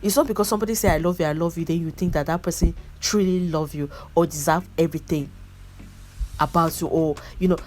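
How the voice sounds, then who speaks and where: Fast-talking woman giving advice. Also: on the low side, steady tone, darkish tone, soft background music. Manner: earnest, repeats points for emphasis. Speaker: movie reviewer vlogger. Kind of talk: casual advice-giving commentary.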